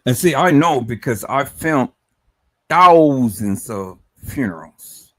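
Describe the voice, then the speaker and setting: A man hosting a livestream, talking emotionally and stammering, with words repeated, agitated outbursts and soft trailing off. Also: mid-range voice, expressive, slow pace, dry recording. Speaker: livestream host.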